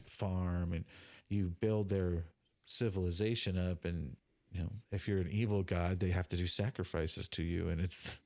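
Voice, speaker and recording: A man's voice: sits low, steady tone, moderate pace, a little mellow. A man co-hosting a casual podcast chat, rambling and restarting his sentences often. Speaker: podcast co-host.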